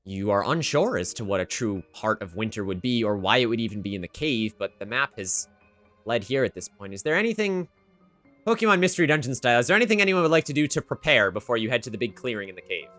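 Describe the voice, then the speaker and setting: A man narrating a tabletop game as game master in a casual, hesitant way, often pausing on "um". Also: on the low side, big pitch swings, a bit bright, soft background music. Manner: casual, hesitant, many ums.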